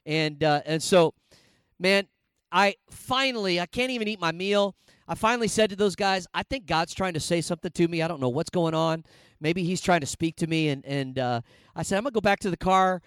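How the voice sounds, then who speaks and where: A middle-aged man from Indiana, a pastor telling a personal story in a sermon, animated and conversational with frequent fillers. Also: high voice, brisk, clean tone, no echo.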